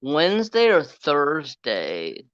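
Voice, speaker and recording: A man's voice: fairly high pitch, huge pitch swings, takes it slowly, a bit bright, smooth, no room sound, muffled recording. A man hosting a casual crafting live stream, rambling through a story and getting heated as he retells an argument.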